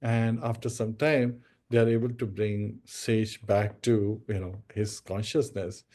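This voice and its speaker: Mellow-voiced man telling a devotional parable. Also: on the low side, little pitch movement, measured pace. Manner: storytelling, addresses listeners as devotees. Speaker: spiritual speaker. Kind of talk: devotional discourse storytelling.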